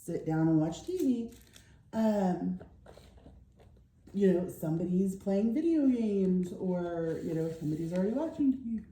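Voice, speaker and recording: A woman's voice: lowish voice, animated, unhurried, warm tone, echoey room. A middle-aged woman vlogger telling a rambling story while crafting, tired and yawning, with lots of fillers. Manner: rambling, chatty, with many fillers.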